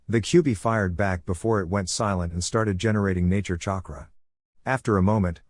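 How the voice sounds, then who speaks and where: Male narrator, fan fiction reading, steady, lowish voice, dry close sound. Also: no room sound.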